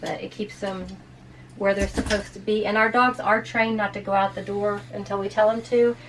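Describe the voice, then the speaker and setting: This chatty woman tours her motorhome for her RV vlog, explaining each feature as she shows it. Her medium-pitched, fairly bright voice keeps a fairly even intonation at a moderate pace, though she's out of breath. The low-quality audio, recorded from a little distance, has faint background noise.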